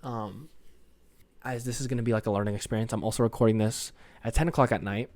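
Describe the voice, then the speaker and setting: A man's voice: on the low side, fairly even intonation, fast talker, a little mellow, no echo. Tired young man rambling, dry sound. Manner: rambling, self-deprecating, swears freely. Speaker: podcast host. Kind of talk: casual solo podcast chat.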